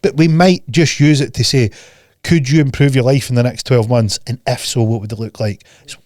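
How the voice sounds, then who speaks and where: A man's voice: mid-range voice, steady tone, brisk, darkish tone, no echo. A man hosting a podcast in a casual chat, ranting bluntly and profanely and mocking people with put-on voices. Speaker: podcast host.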